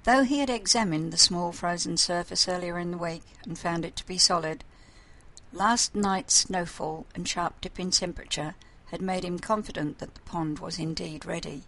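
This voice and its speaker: A woman reads a story aloud in a calm, measured way. Her voice sits fairly low, and her pacing is steady and unhurried. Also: poor audio. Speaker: narrator. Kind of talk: storybook reading.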